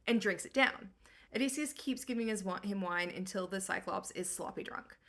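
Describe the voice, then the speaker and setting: A woman's voice: mid-range voice, normal speed, fairly bright tone. A young woman giving a comedic book recap in a breezy, slangy, irreverent way.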